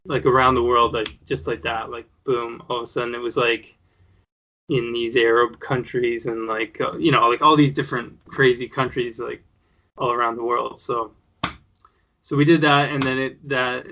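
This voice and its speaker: A man in a casual interview, thinking out loud as he tells his story. His voice is bright and forceful but stays even and flat in pitch. The recording is dull and lo-fi. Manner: rambling, many fillers and restarts. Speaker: guest, show creator. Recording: dull lo-fi sound.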